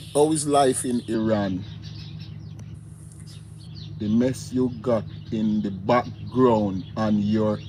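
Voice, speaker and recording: A man's voice: mid-range voice, dark tone, a little hiss or hum. A man with a Jamaican accent hosting a casual livestream, greeting viewers by name and laughing easily. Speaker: livestream host. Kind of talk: casual live chat reading viewer comments.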